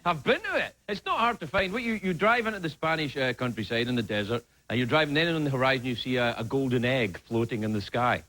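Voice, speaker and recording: A man's voice: medium pitch, fast talker, few pauses, slight background noise. A man hosting a late-night talk show, delivering a jokey stand-up monologue from a studio stage. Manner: animated, jokey, breaks into silly put-on voices. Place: TV studio stage with live audience.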